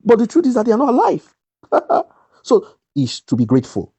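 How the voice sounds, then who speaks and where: A man's voice: extremely high pitch, huge pitch swings, moderate pace, mellow, slightly rough, no echo, lo-fi sound. Emphatic man giving a motivational talk. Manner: emphatic, repeats key lines. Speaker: guest speaker.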